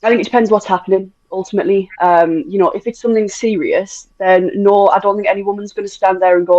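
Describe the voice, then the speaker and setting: A woman's voice: medium pitch, fairly even intonation, fast, hardly any pauses, mellow, no echo. A British woman chatting bluntly as a podcast guest, swearing freely and laughing often. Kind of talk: casual podcast chat. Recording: dull, muffled audio.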